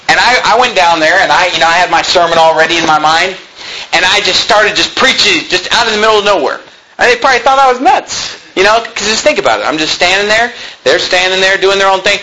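A male pastor preaching a sermon in an emphatic way, mocking street preachers with loud shouted impressions. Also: sits high, quick pace, a little hiss or hum, poor audio.

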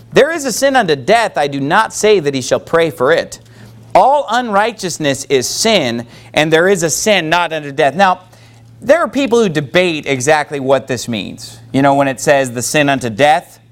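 High-voiced man preaching a sermon. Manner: preaching with call-and-response from the congregation. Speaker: pastor.

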